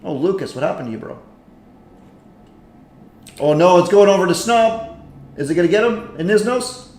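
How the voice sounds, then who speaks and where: A man hosting a live stream in casual commentary, chatty and excitable as he reacts to a game. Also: high voice, moderate pace. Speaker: livestream host. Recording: echoey room with faint noise.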